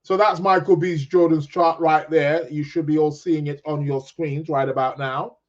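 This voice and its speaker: A man's voice: a little high, fairly even intonation, normal speed, lo-fi sound. A man hosting an astrology podcast, chatting casually and reading out viewer comments in a rambling, joking way. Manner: rambling, jokey, self-interrupting.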